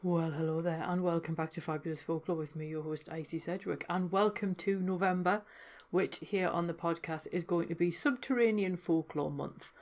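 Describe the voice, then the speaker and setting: A woman's voice: fairly low pitch, normal speed, a little mellow. A woman hosting a folklore podcast, telling legends in a chatty way with wry asides. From North East England. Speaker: podcast host. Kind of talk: casual folklore storytelling.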